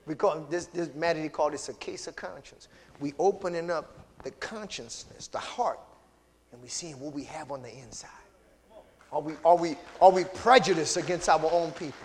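Brief: male pastor, lively call-and-response sermon, high voice, long sanctuary reverb. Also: normal speed. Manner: call-and-response preaching, swings from loud to hushed. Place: church sanctuary.

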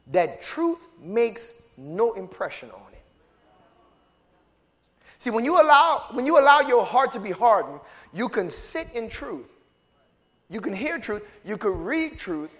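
A pastor with a notably high-pitched voice, preaching in a call-and-response style. He drops to low murmurs and builds to ringing shouts as he calls on the congregation to answer. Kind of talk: sermon.

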